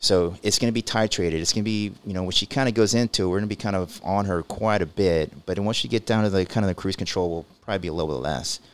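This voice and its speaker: Deep-voiced, fast-talking male doctor host. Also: smooth. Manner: rambling, with many fillers and restarts. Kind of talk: casual conversational interview.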